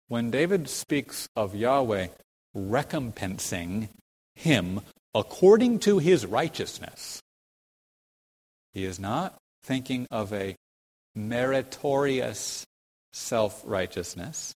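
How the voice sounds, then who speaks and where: A man's voice: animated, slow pace, darkish tone, husky, long reverb tail. A man preaching a sermon to his congregation, explaining scripture earnestly and putting questions to his listeners, rising to fervent emphasis when he quotes it. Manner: builds to fervent, high-pitched emphasis when quoting scripture. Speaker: pastor.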